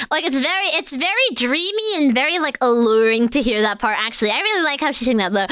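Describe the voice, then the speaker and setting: A woman's voice: high-pitched, big pitch swings, fast talker, few pauses, sharp tone, no room sound, clean studio sound, faint music behind. A woman vocal coach giving chatty, hedging reaction commentary with lots of fillers.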